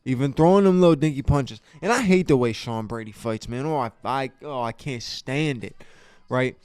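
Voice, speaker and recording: Here a man hosts a podcast in a studio, his casual fight review full of exasperation, profanity, stammers and restarts. His medium-pitched voice is smooth and darkish, moving at a moderate pace with no room sound.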